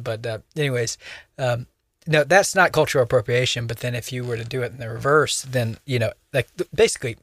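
A man's voice: medium pitch, fairly quick, fairly bright tone, no room sound. A young man co-hosting a podcast, talking casually in a rambling way with many fillers and restarts. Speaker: podcast co-host.

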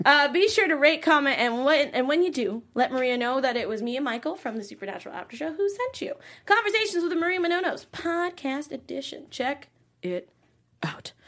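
A woman co-hosting a TV after-show in casual chat, bubbly and animated and laughing often. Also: high voice, brisk.

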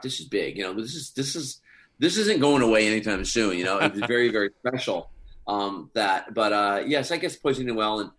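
A man's voice: lowish voice, a bit bright. A man being interviewed as an actor guest, telling stories in a chatty way with many fillers and frequent laughter. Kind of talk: casual interview chat.

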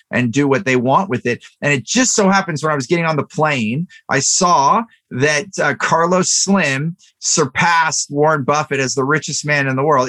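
A man's voice: on the high side, sharp tone. A middle-aged man hosting a podcast, telling a personal story in an earnest, motivational way with plenty of fillers. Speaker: podcast host. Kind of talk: casual podcast conversation.

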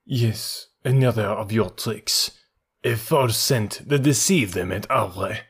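A man's voice: lowish voice, heavily acted. A man voicing a stern old French detective who speaks with authority. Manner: authoritative, slow and gravelly.

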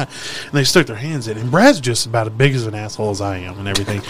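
Brief: a man talking fast, swearing, brash storyteller, faint background noise. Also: medium pitch. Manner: brash, profane, rapid storytelling. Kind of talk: casual storytelling chat.

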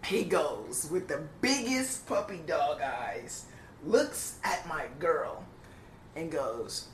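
A young man telling a profane, animated story in a casual podcast chat. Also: a little high, slow. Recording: echoey room, distant mic, faint noise.

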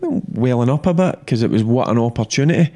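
A middle-aged man, a former player, talking football in a blunt, animated, repetitive way. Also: mid-range voice, brisk. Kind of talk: casual football chat.

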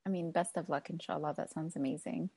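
A woman hosting an interview, chatty and quick to laugh while asking her guest questions. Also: deep voice, steady tone, dark tone, husky, no room sound, clean studio sound. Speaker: interview host. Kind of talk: casual interview.

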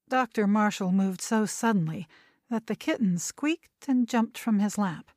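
A woman reads a novel aloud in a steady, measured storytelling voice at an ordinary middle pitch. The sound is dry and close, with no room around it. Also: no room sound. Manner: measured storytelling, voicing characters' dialogue. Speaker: audiobook narrator. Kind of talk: scripted narration of a novel.

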